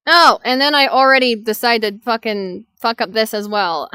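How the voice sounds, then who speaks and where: High, bright-voiced young woman ranting. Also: smooth, no echo, clean studio sound. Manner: exasperated, profane ranting. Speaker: streamer. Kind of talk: venting live-stream chat.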